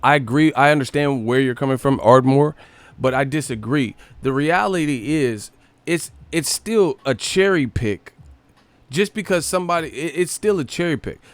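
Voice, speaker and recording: A man's voice: medium pitch, normal speed, no echo. A man hosting a live stream, ranting casually about boxing with a lot of swearing. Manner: profane, ranting, animated.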